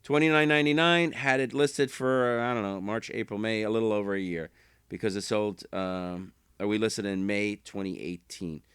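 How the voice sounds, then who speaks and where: A man's voice: on the low side, fairly even intonation, normal speed, a bit bright, clean tone, dry recording. A man casually rambling to camera about things he sold online, correcting himself and chuckling as he goes. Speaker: eBay reseller vlogger.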